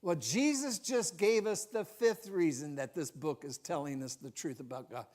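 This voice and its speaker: A man's voice: fairly high pitch, normal speed, darkish tone. An older man, a grandfather, preaching a folksy, conversational sermon in a church, with personal asides. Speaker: pastor.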